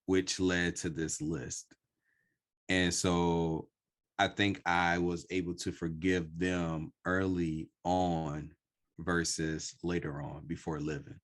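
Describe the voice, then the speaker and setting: A man hosting a podcast, telling his own story slowly and earnestly in a reflective conversation. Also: low-pitched, little pitch movement. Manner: slow, earnest, personal storytelling. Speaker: podcast host.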